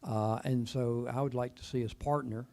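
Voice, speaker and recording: Halting legislator, mellow voice. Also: male voice, mid-range voice, fairly even intonation. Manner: halting, many ums and uhs. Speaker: state legislator. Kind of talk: answering at public meeting. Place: town hall meeting room.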